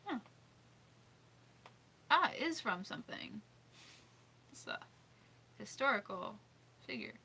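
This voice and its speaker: A woman's voice: mid-range voice, wildly swooping pitch, slow, gravelly, long pauses, bright, forceful tone, slightly rough. A woman hosting a casual livestream, reading out suggestions, giggling often and thinking aloud as she second-guesses pronunciations. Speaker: livestream host.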